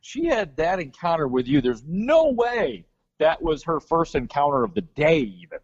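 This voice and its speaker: A man's voice: on the high side, huge pitch swings, moderate pace, highs cut off. A man who is a talk show guest, chatting casually and speaking emphatically. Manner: emphatic, reacting with exclamations. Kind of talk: casual chat.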